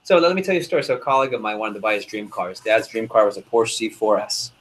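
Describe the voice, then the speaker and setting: A young man, a sales division manager, speaking to a room of reps in a lively motivational meeting, full of quick asides. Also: on the low side, a little hiss or hum.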